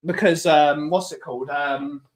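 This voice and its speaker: Host, casual live-stream chat, opinionated, emphatic, middle pitch. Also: steady tone, measured pace.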